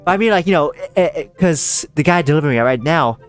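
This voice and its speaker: A man co-hosting a let's play in casual chat, quick to laugh and often halting. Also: on the high side, expressive, smooth, faint music behind.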